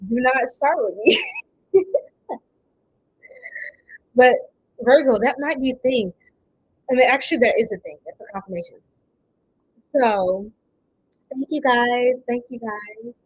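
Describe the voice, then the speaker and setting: A woman reading tarot cards on a casual livestream, chatting with viewers, laughing often and breaking into bits of song, with a voice strained from not warming up. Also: on the high side, measured pace, long pauses, slightly rough, dry recording, low-quality recording. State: voice a bit strained, not warmed up. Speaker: tarot reader.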